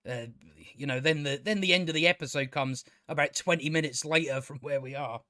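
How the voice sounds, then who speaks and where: A man's voice: on the high side, brisk, sharp tone, no room sound, studio quality. A man giving a casual, rambling review of a TV episode, exasperated and incredulous, with many fillers and restarts. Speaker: TV show reviewer.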